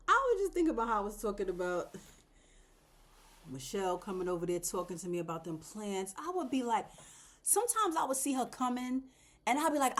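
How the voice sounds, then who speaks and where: A woman talks her way through a home plant-repotting vlog, loose and chatty, laughing and turning to the viewers as she goes. Her pitch swings up and down with lively energy, from playful highs to low asides. It sounds like easy everyday conversation with a camera. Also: a little fast. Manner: animated and talkative, laughs and addresses viewers directly. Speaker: plant vlogger, channel host.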